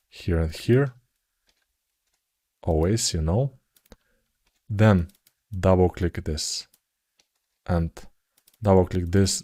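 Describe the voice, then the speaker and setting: Low-voiced man quietly talking through modeling. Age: 40s. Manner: low-key, murmurs quietly while concentrating, joking asides. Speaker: 3D modeling tutor. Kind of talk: live commented modeling tutorial.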